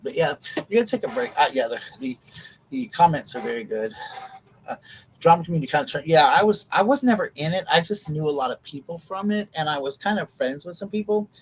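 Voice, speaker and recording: A man's voice: fairly high pitch, expressive, quick pace, a little hiss or hum, low-quality recording. A man chatting casually on a home live stream, rambling and often interrupting himself.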